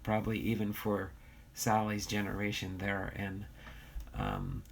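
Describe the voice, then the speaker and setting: A man's voice: fairly low pitch, sing-song, unhurried, gravelly, slight background noise. An American man hosting a casual livestream, reading viewer comments aloud and bantering, with a slightly nasal voice. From United States. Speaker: livestream host.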